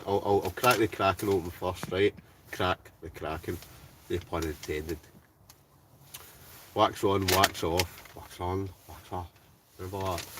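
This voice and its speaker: Deep-voiced Ayrshire Scottish man hosting a live quiz. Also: far from the mic, noisy background. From Scotland. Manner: jokey, chatty, laughs often, talks straight to viewers. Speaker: live-stream host. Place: inside a tent with a stove.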